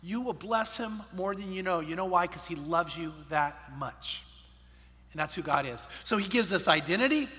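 High bright-voiced preacher in a hall. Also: male voice, expressive, moderate pace. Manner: swings from hushed storytelling to loud emphatic preaching. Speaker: pastor. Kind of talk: sermon with storytelling.

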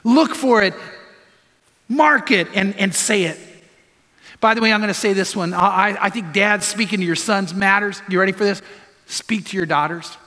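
A man preaching to a congregation, his voice high and bright. He tells stories and drives home his point with repeated earnest commands, and a long reverb trails every phrase through the hall. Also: moderate pace. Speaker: pastor. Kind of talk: sermon.

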